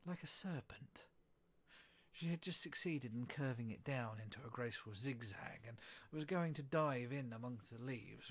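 Husky male storybook narrator. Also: medium pitch. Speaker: reader.

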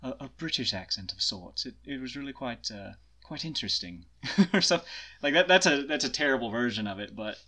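A man's voice: medium pitch, expressive, a little fast, bright, forceful tone. A man with a Southern US accent, chatting as a guest in a casual interview, self-deprecating and laughing often.

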